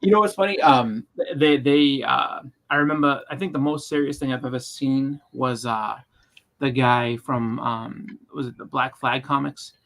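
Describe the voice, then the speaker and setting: A man co-hosting a casual convention chat, telling animated stories and acting out the quotes. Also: medium pitch, normal speed, vocal fry. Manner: animated storyteller, acts out quotes. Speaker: podcast co-host. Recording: live convention panel, roomy mic.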